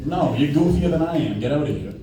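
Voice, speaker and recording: A man's voice: on the high side, animated, fast talker, far from the mic, a crowd in the background. A young man doing a casual, profane stand-up set, telling stories and slipping into brief put-on voices. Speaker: stand-up comedian. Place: small open-mic room. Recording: echoey room from off-mic, faint noise.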